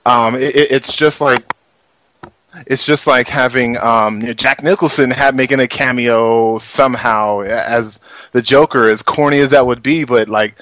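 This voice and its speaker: A man's voice: medium pitch, fairly even intonation, fairly bright tone, poor audio. Rambling man chatting about movies. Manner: rambling, halting, many restarts. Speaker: podcast co-host. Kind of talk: casual movie review chat.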